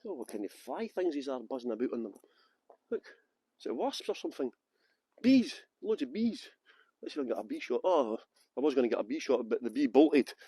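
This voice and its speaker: A man's voice: mid-range voice, big pitch swings, a little fast, warm tone, slightly rough, dry recording. A Scottish man giving a live walking tour of outdoor gardens, joking and teasing his viewers while filming on a handheld phone. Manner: joking, facetious banter with viewers. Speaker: tour guide.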